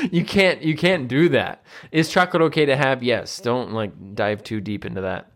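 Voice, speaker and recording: A man's voice: medium pitch, animated, measured pace. A man, a nutrition coach and personal trainer, giving a casual motivational monologue and acting out the voices he quotes.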